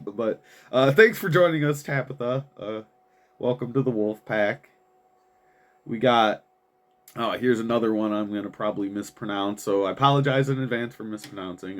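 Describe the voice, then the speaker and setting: A man's voice: mid-range voice, a little slow. A man hosting his own show in casual chat, rambling and self-deprecating, chuckling as he stumbles over names and swearing now and then. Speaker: podcast host.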